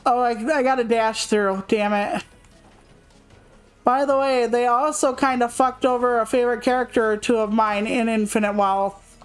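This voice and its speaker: A young adult woman streams a game, chatting casually and candidly, rambling and swearing freely while faint game music plays. Her voice is on the high side, clear and resonant, with a steady tone and normal speed, though the audio quality is poor.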